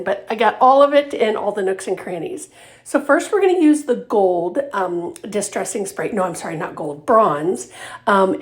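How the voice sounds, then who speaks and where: A woman hosting a craft tutorial, chatty and upbeat, talking viewers through each step with fillers and little laughs. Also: medium pitch. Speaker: craft video host. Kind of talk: casual craft tutorial narration.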